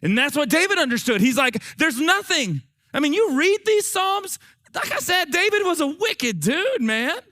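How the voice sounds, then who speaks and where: A man preaching a sermon in a folksy, animated way, talking straight to his congregation. His voice is going hoarse and he is short of breath. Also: extremely high pitch, normal speed.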